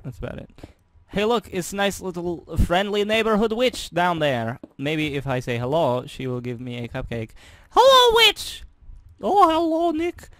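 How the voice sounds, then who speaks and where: A man's voice: a little high, moderate pace, few pauses, dry recording. A young man giving casual gameplay commentary as a YouTuber, rambling and joking, talking to himself and counting aloud. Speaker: gaming YouTuber.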